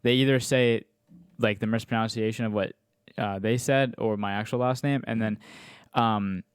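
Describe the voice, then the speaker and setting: A man's voice: lowish voice, steady tone, normal speed, clean tone, no room sound, clean studio sound. A young man hosting a podcast, easygoing and chatty as he leads the questions. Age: young adult. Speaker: podcast host. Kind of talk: casual chat.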